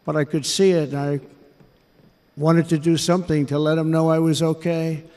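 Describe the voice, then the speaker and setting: An American man in his seventies giving a speech to a rally crowd in a large indoor arena, measured and emphatic, repeating his phrases. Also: fairly high pitch, little pitch movement, a little mellow. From United States. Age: 70s. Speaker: political candidate. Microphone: podium microphone. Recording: echoey arena with crowd noise.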